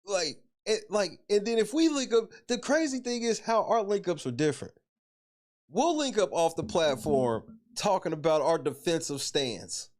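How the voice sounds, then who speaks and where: Animated, profane man ranting casually. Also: sits high, moderate pace. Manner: profane, animated, laughing between points. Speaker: podcast host. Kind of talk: casual podcast rant.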